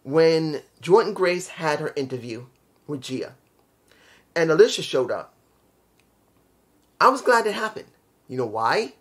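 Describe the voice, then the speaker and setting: A man's voice: a little high, sing-song, unhurried, pauses often, fairly bright tone. A young man casually reviewing a wrestling show, rambling and repeating his points for emphasis.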